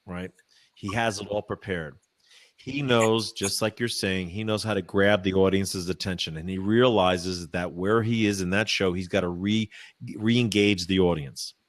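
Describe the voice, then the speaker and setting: A man, a professional speaker, answering interview questions in a chatty, animated way with many fillers and restarts, using a practiced voice dropped low from the diaphragm. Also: a little slow, dry recording. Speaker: professional speaker, podcast guest. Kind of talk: casual interview answers, storytelling. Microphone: microphone.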